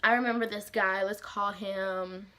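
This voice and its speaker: A young woman vlogger tells a story in a bright, sharp voice. Her talk is casual and slangy, full of swearing and "like", and she is animated throughout. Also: mid-range voice, unhurried. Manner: animated, slangy and profane, heavy use of "like".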